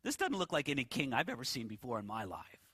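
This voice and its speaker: A man's voice: medium pitch, wildly swooping pitch, quick pace, fairly bright tone, slightly rough, dry recording, clean studio sound, big-room sound, pitched below the performer's own voice, exaggerated voice. A man voicing a skeptical Roman governor as a sermon aside, speaking with sarcastic disbelief. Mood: sarcastic, incredulous. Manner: sarcastic, incredulous questioning.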